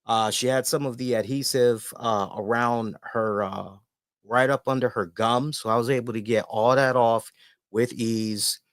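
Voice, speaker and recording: A man hosting a wrestling review show, chatting casually and telling stories in an animated way with lots of filler words. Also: mid-range voice, dry recording, studio quality. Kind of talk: casual chat.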